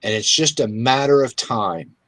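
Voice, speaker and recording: A man hosting a talk show, speaking in an irritated, halting way with many fillers. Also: medium pitch, a bit bright, no echo. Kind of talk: casual political talk.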